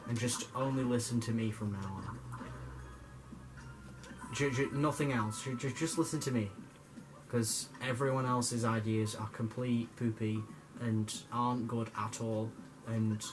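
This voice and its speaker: A man's voice: medium pitch, background noise. A young man giving jokey, rambling commentary over his gameplay, stammering and swearing now and then. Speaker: gamer.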